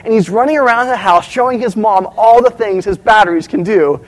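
Male pastor, high tenor, lively storyteller delivering a sermon to his congregation. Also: a little fast, poor audio. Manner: storytelling, animated, asks the audience questions.

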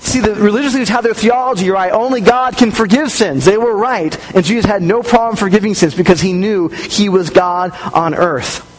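A male pastor giving a conversational, animated sermon, acting out little quotes as he teaches. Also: high voice, brisk, hardly any pauses, low-quality recording.

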